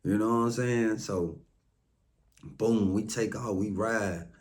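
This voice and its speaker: A man with an Atlanta Southern accent telling a first-hand story casually, profane and loose, acting out quotes with lively voices. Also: lowish voice, slow pace. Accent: Southern American, Atlanta.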